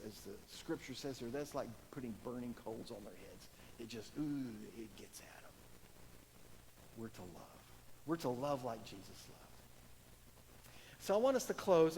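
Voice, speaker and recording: A man preaching a sermon as pastor, earnest and emphatic, rising for emphasis and dropping to soft asides. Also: fairly high pitch, a little hiss or hum. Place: church sanctuary. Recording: distant church hall reverb.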